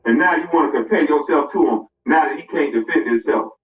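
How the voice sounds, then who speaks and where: A man's voice: a little high, fast talker, slight background noise. Man in a heated, mocking rant. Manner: angry, mocking, repetitive insults. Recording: roomy, distant, dull sound.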